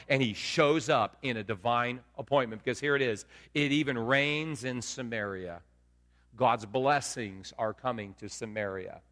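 A man preaching a lively sermon to his congregation, asking them questions as he goes. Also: medium pitch. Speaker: pastor. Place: church sanctuary. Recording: long hall reverb.

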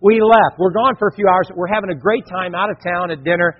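A man's voice: sits high, fairly quick. A pastor, a man, preaching a sermon and telling a folksy, jokey personal story. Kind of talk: sermon with a humorous personal anecdote. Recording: dull recording with long hall echo.

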